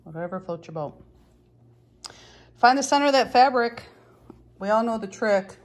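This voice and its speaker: Speaking at a normal pace in a somewhat high, animated voice, a middle-aged woman shows off stitching techniques at home. She's a cross-stitch vlogger whose casual tutorial chat is talkative, jokey and self-deprecating.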